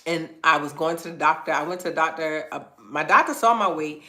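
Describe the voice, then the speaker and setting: Woman wellness coach, low-pitched, animated casual storyteller, echoey room; host of a live stream. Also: brisk. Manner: animated storytelling, acts out quoted voices in a much higher pitch; casual, conversational phrasing.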